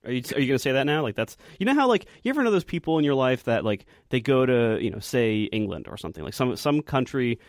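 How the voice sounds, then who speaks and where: A man's voice: medium pitch, big pitch swings, fast talker, hardly any pauses, no room sound, clean studio sound. A man co-hosting a podcast in casual chat, meandering and full of fillers, often laughing. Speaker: podcast co-host.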